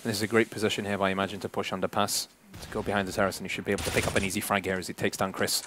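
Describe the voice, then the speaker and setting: A man casting a competitive shooter match at a rapid clip, calling each play as it unfolds. Faint gunfire and game sounds sit underneath his voice. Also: lowish voice, a little hiss or hum. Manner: fast, excitable play-by-play. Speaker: esports caster. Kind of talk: live game commentary.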